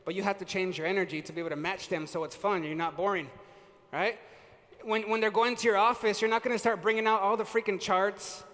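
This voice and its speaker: A man giving an energetic live seminar on sales and leadership, quizzing the audience and using casual slang. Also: high-pitched, quick pace. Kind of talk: live motivational seminar talk. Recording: reverberant hall.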